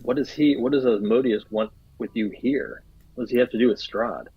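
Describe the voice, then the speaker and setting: A man's voice: mid-range voice, brisk, breathy edge, no echo, highs cut off. A man playing a tabletop game, asking earnest questions. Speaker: player.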